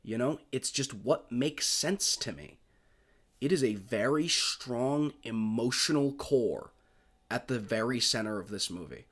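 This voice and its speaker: A man's voice: mid-range voice, animated, measured pace, fairly bright tone. A man in a mid-range voice talks through a film he loves in a loose, unscripted monologue. He gushes, circles back on himself, and swears casually along the way. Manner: gushing, rambling, swears freely. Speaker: film reviewer.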